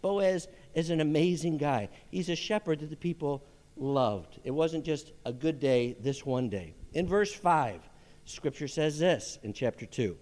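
A man preaches a lively sermon as pastor, and he jumps into the voices of the people in his story. His voice sits fairly high. A long hall reverb trails each phrase. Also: a little slow. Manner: animated preaching, acts out quoted voices.

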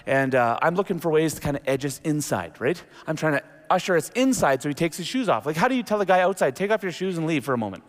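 A middle-aged male pastor preaching in a church sanctuary. His voice sits a little high and carries a long hall reverb. He tells his story with animated, lively energy. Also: quick pace, few pauses. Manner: animated storytelling, jumps into acted quotes. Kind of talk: sermon.

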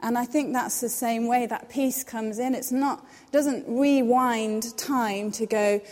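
Young woman, devotional speaker, earnest and reassuring, mellow tone, long hall reverb. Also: on the high side, steady tone, takes it slowly. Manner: earnest, reassuring, quotes scripture softly. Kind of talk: devotional teaching.

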